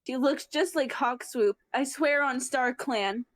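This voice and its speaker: A woman voicing a fierce, grieving mother cat in a roleplay, firm and steady. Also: high voice, a little slow, no echo. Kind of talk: voice-acted roleplay.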